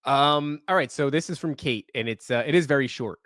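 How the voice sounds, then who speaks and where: Animated, profane male podcast co-host. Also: medium pitch, brisk, no echo, studio quality. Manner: animated, profane, laughs while reading. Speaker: podcast co-host reading listener stories. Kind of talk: casual podcast chat.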